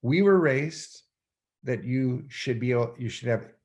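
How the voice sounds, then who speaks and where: A man's voice: medium pitch, lively intonation, a little slow, darkish tone. A man telling a personal story as a podcast guest, rambling with many fillers and acting out his own past thoughts aloud. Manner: loose and rambling, heavy on fillers. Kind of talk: conversational storytelling.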